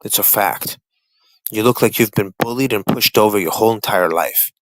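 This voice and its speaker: A man's voice: fairly low pitch, normal speed, no room sound, poor audio. Profane man ranting on a livestream. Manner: confrontational, profane, repetitive trash talk. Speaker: livestream panel guest. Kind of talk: heated livestream rant.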